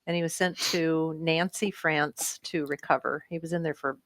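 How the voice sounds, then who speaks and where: A woman guest on a radio show shares family memories conversationally. Her voice sits a little low for a woman, and the sound is close and dry. She gets livelier when she quotes others. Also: steady tone, moderate pace, fairly bright tone, dry recording. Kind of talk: casual storytelling. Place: radio studio.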